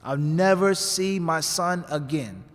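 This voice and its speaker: A grieving peasant mother, as a man puts her on during a sermon, earnest and insistent. The voice sits high. The recording carries a long reverb from a large mosque hall. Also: slow. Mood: grave.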